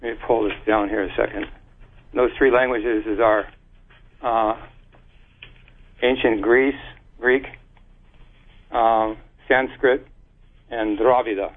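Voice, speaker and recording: A man speaks as an interview guest, laying out his theory haltingly with frequent restarts and spelled-out letters. His voice sits in a middle pitch. It comes through a narrow, tinny phone line. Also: fairly even intonation.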